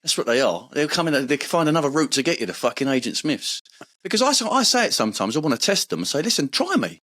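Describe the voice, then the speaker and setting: An earnest, passionate man speaking as a podcast guest. His voice moves up and down a great deal, at a middling pitch for a man. He swears casually as he makes his points. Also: sing-song, fast talker, fairly bright tone. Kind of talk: casual conversation.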